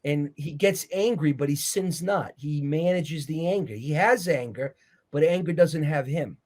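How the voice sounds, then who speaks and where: A man sits for an interview and walks through his points in an earnest, preacherly tone. His voice sits a touch higher than most men's. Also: a little slow, darkish tone. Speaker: interview guest, author. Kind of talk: conversational interview.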